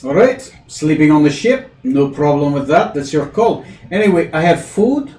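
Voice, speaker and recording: A woman's voice: low-pitched, sing-song, moderate pace, mellow. A man voicing a stout, brusque human woman in her thirties who runs a tavern, barking greetings and rattling off what she offers. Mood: matter-of-fact. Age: 30s. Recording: echoey room, far from mic, faint hiss.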